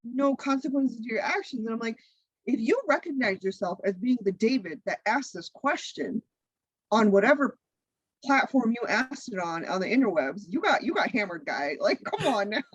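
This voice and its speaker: A woman guest on a podcast, a content creator and comedian, talking in a blunt, profane, animated way. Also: fairly high pitch, moderate pace, breathy edge, no echo, dull audio. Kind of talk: casual interview chat.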